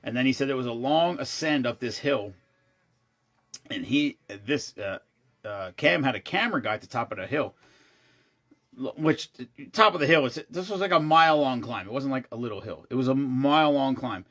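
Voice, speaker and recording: A man's voice: medium pitch, animated, normal speed, a bit bright. Rambling man in casual chat. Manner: rambling, profane, restarts sentences often. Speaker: show regular.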